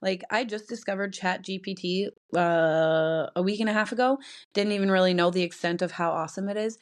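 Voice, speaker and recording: Talking solo on the podcast she hosts, a young woman rambles chattily and laughs a lot in casual conversation. Her pitch is medium, her tone steady, and she speaks a little fast.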